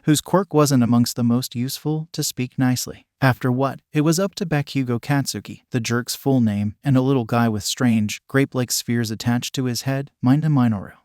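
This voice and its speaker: A man reads a fan-written story aloud in steady, even narration. His voice sits at a middling pitch for a man, and the recording is dry and close, with no room sound. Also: normal speed, hardly any pauses, no echo. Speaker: story reader. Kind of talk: scripted narration.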